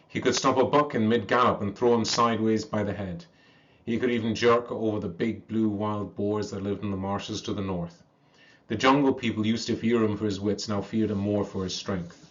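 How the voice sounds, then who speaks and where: Man reading a story, slow and measured. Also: fairly low pitch. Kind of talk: reading a classic story aloud. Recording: dull lo-fi recording.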